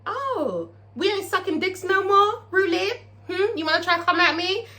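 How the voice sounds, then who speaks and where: A woman's voice: a little high, moderate pace, a bit bright, lightly acted. A woman voicing a brash adult female dancer who throws shade in a sassy, taunting way.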